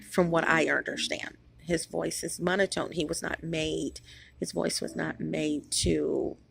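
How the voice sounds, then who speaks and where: A woman's voice: deep voice, gravelly, a little hiss or hum. A woman hosting her own channel, talking in a rambling, emphatic vlog monologue with many restarts, tired after being up all night. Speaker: channel host.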